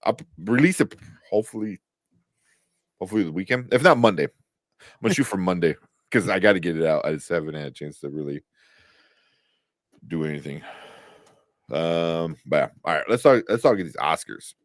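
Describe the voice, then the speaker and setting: A man's voice: deep voice, expressive, a little fast, pauses often, no room sound, studio quality. A man co-hosting a casual movie talk show, rambling with many fillers and restarts. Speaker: podcast co-host. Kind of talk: casual chat.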